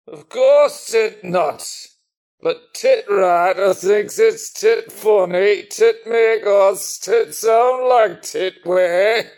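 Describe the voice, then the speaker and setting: A man in an amateur radio comedy sketch, playing a gruff local with a put-on northern English accent and clipped, drawling words. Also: high voice, extremely slow, a little mellow, heavily acted. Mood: blunt.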